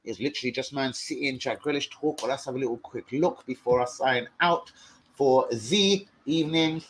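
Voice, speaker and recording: A young man hosting a casual live stream, full of slang, swearing and excited banter. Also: mid-range voice, normal speed, a little hiss or hum. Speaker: livestream host.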